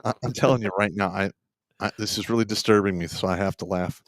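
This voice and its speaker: A man's voice: fast, no echo, studio quality. A man in his fifties hosting a casual talk show, wry and sardonic, sometimes dropping to a sigh or mutter. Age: 50s. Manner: wry, sardonic, drops to low sighs and mutters. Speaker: podcast host.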